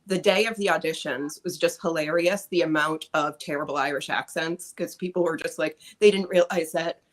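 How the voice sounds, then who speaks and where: A woman co-hosting a podcast, telling stories in a lively, casual way. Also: low-pitched, moderate pace, rough recording. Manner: lively storytelling with laughs. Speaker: podcast co-host.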